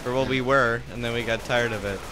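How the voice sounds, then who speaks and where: A man's voice: medium pitch, fairly even intonation, fast talker, noisy background. A young man in casual gaming chat, rambling with lots of fillers.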